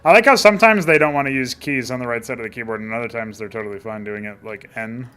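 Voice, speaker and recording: A man's voice: mid-range voice, quick pace, sharp tone, clear, resonant tone, faint music behind. A man giving casual, chatty let's-play commentary in a sardonic tone, swearing often. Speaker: gaming commentator.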